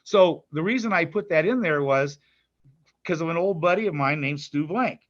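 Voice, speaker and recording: A man's voice: on the high side, animated, moderate pace, muffled recording. An older man, a grandfather and musician, chatting in an interview, rambling with restarts and stammers. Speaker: musician guest. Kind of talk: casual interview chat.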